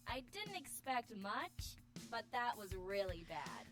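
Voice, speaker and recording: A woman's voice: on the high side, big pitch swings, slow pace, fairly bright tone, soft background music, heavily acted. An actress voicing a blunt, skeptical young female pilot in a game, with dry delivery.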